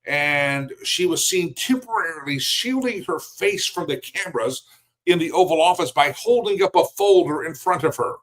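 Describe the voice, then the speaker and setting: Man, news talk host, opinionated commentary, blunt and mocking, slightly high voice. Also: expressive, moderate pace, fairly bright tone, rough recording. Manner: mocking, blunt, chuckling between remarks. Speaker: host of a daily news show.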